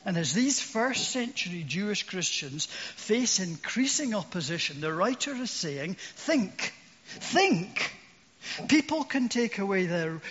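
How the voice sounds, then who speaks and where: A man's voice: high-pitched, a bit bright, long reverb tail, dull audio. An older man preaching a sermon, earnest and asking his listeners questions.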